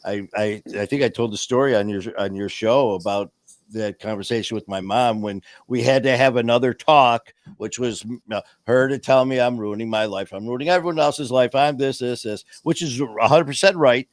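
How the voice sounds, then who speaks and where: A man's voice: mid-range voice, normal speed, no room sound. Man, talk show host, candid storyteller, dry close sound. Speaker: podcast host. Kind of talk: casual chat. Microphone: remote streaming call.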